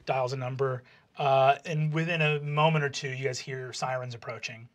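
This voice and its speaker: A man's voice: medium pitch, steady tone, moderate pace. A man narrating as game master of a tabletop game, with many fillers.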